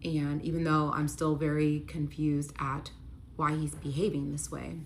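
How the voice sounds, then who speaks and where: A woman's voice: low-pitched, little pitch movement, unhurried, a little hiss or hum. A young woman telling a personal story in a casual storytime vlog, chatty, with many fillers of "like", acting out quoted lines. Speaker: storytime vlogger.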